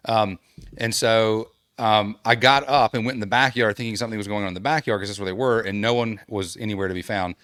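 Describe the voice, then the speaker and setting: A man co-hosting a podcast from his front room at home, laid-back and quick to laugh. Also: lowish voice, steady tone, fairly bright tone, dry recording, studio quality. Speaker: podcast co-host. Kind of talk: casual podcast chat.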